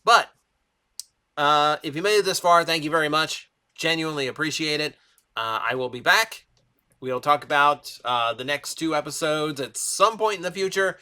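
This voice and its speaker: A man's voice: on the high side, moderate pace, bright, forceful tone, clean tone. A young man casually reviewing a cartoon, enthusiastic and rambling with fillers, his voice a little strained from long talking.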